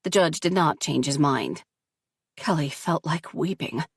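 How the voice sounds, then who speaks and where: A woman reading a story aloud in steady, measured audiobook narration. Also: low voice, gravelly, breathy edge, no room sound, clean studio sound.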